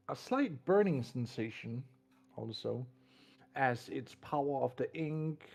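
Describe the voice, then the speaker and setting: A man narrating as game master in a tabletop game, slow and descriptive, often restarting his words. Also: medium pitch, gravelly. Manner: deliberate, descriptive, with frequent restarts.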